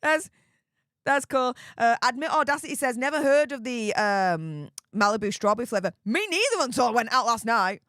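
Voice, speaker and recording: A young English woman hosting a live stream, rambling in a chatty, excitable way with plenty of fillers and mild cursing. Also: fairly high pitch, moderate pace, dry recording, studio quality. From Yorkshire, England. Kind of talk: casual live stream chat.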